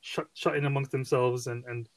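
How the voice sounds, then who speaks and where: A man's voice: mid-range voice, little pitch movement, moderate pace, a little hiss or hum, low-quality recording. A man in casual podcast chat, enthusiastic about a film and giggling often. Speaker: podcast co-host.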